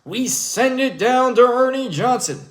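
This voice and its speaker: A man doing a comedic impression of a male basketball play-by-play announcer with a booming, theatrical calling style. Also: expressive, unhurried, a bit bright, full character voice. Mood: hyped.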